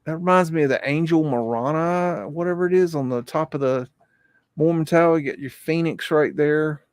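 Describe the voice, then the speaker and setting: A man hosting a livestream, talking in an excitable, profane, rambling way. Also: on the high side, normal speed, clean tone, no room sound, studio quality. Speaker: livestream host. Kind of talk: casual livestream commentary.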